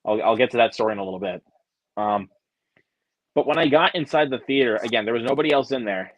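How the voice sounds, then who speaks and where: A man co-hosting a podcast rambles through a casual chat hesitantly, with lots of restarts and fillers. His mid-range voice moves fast, and the recording sounds dry and dull.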